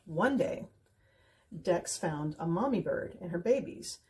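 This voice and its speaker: Woman, picture book reader, gentle and expressive, mellow soft voice, faint background hiss. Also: on the low side, a little slow. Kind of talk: reading a children's book aloud.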